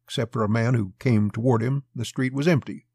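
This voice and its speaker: A man narrating a western story as an audiobook, in a steady, measured telling. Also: medium pitch, husky, no room sound.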